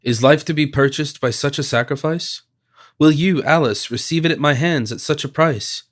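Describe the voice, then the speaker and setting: A man's voice: on the high side, normal speed, close to an everyday voice. A man reading the part of a dignified young woman, an elder sister, speaking firmly and solemnly. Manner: firm, solemn.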